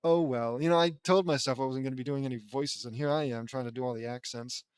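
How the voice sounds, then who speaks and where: A man's voice: mid-range voice, fairly even intonation, fast, clear, resonant tone. A man reading fan fiction aloud as an audiobook, breaking off into sarcastic, self-mocking asides. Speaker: audiobook reader.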